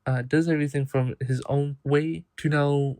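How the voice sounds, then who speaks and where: A man with a gravelly, creaky voice recaps a manga chapter in a relaxed, rambling way. His speech is full of "like" and "um", and the sound is dry and close. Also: fairly high pitch, normal speed, no echo. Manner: loose and chatty, full of "like" and "um". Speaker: manga reviewer.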